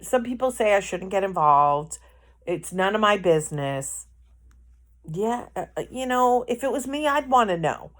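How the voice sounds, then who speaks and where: A woman telling a rambling personal anecdote in a casual vlog, correcting herself as she goes. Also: mid-range voice. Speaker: vlogger. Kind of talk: casual storytelling.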